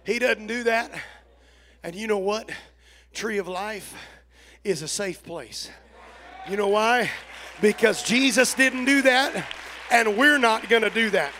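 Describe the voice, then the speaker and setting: A man preaching a revival sermon as a visiting preacher in a church service. He shouts fervently and puts an "uh" before most phrases. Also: sits high, slight background noise.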